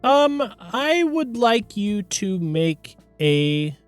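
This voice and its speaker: A man running a tabletop game as game master, easygoing and quick to laugh. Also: sits high, sing-song, clear, resonant tone, no echo, soft background music.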